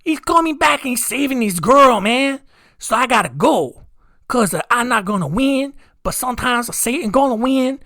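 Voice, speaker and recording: A man's voice: sits high, expressive, a little slow, pauses often, a bit bright, dry recording, clean studio sound. A man voicing a dim-witted, devil-worshipping male villain in a goofy put-on voice with a strange accent. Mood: panicky.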